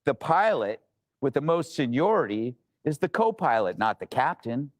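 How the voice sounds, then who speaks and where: A man delivering wry, joking political commentary in a quick patter. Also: medium pitch, sing-song, dry recording. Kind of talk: opinion commentary.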